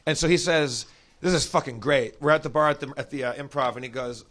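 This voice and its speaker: A man telling a long, animated anecdote on a podcast stage, acting out the voices in it. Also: mid-range voice, a little fast. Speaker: podcast guest comedian telling a story. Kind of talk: casual storytelling.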